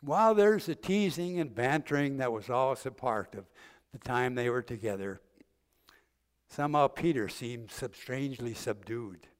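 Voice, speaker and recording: An older man preaching a sermon, gently retelling a story with vivid detail and acted-out quotes. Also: mid-range voice, expressive, normal speed, clear, resonant tone. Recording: long hall reverb.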